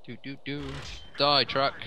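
A man co-hosting casual gameplay commentary, excitable and full of joking banter. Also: mid-range voice, unhurried, a little hiss or hum. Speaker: co-host.

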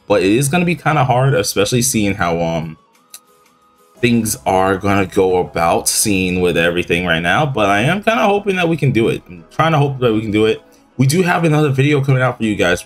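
Deep-voiced young man, groggy gameplay commentary. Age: young adult. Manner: relaxed, rambling, filler-heavy slang. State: groggy morning voice. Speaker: mobile game YouTuber.

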